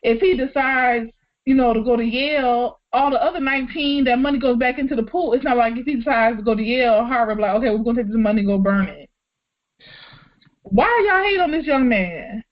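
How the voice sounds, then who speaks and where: A woman co-hosting a podcast in casual chat, outspoken and animated, laughing often. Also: high-pitched, brisk, few pauses, lo-fi sound. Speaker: podcast co-host.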